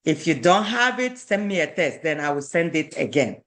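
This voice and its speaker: A language teacher, an Igbo speaker, patiently teaching a beginner class and repeating each phrase slowly for learners. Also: mid-range voice, big pitch swings, fairly bright tone.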